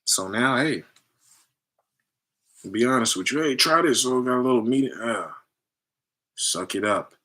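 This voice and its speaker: A man giving a casual spiritual talk, telling animated stories with loose slang and acting out other people in raised voices. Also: unhurried, pauses often. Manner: animated storytelling, acts out others in high voices.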